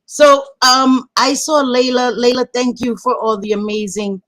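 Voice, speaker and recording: A woman hosting a casual livestream, greeting viewers warmly by pet names and swearing freely in animated chat. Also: fairly high pitch, a little slow. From Latina. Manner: animated, swearing, affectionate nicknames. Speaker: livestream host.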